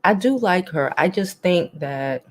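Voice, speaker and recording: A woman's voice: on the low side, expressive, unhurried. A woman hosting a casual livestream chat and reading the comments, blunt and talkative, who laughs often and swears freely. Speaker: host.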